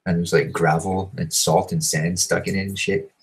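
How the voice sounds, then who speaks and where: A man telling a crude, rambling story, swearing constantly and filling every pause. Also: low voice, little pitch movement, breathy edge, poor audio. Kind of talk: profane storytelling monologue.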